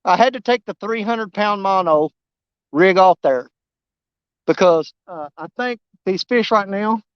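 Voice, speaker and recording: A man, chatting casually and excitably in a fishing vlog, folksy and joking. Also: sits high, a little slow, clean tone, no echo, lo-fi sound. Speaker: fishing vlogger. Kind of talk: casual outdoor vlog chat.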